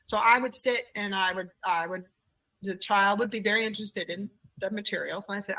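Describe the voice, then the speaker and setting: A woman who owns a childcare center, telling her story in an animated conversational way in an interview. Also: mid-range voice, fairly quick, distant mic, low-quality recording. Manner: animated, acts out quoted voices.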